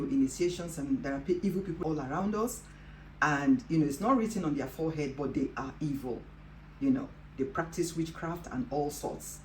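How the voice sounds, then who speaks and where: A woman from Africa hosts a Christian devotional show, earnestly recounting a personal testimony and leaning on "you know" as she goes. Her voice is low, the room is echoey, and faint ambient noise sits underneath. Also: darkish tone.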